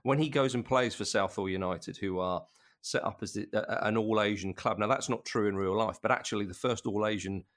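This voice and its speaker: A man talking about a film in a casual podcast chat, lively and full of restarts. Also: lowish voice, a little fast. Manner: animated, with many restarts and laughs. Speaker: podcast co-host.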